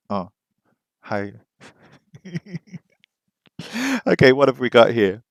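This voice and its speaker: Male streamer at a close desk mic, casual and chatty, repeats words as he works them out. Medium pitch, dry sound. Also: expressive, slow, gravelly, long pauses, no room sound. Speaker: live streamer learning Japanese. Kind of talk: casual chat while studying on a language app.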